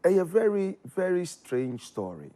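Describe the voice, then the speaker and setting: A man with a Ghanaian accent telling his story in casual chat, animated, his voice jumping up when excited. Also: high-pitched, measured pace. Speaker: guest.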